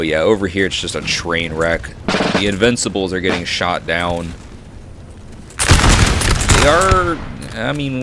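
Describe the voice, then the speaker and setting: Guy with a lowish voice narrating a war game, lots of oohs and ohs, gunfire noise behind. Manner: excitable, reacts with frequent exclamations. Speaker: gaming commentator. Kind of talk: casual battle commentary. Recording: noisy with battle sounds behind. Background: gunfire and battle noise from the game.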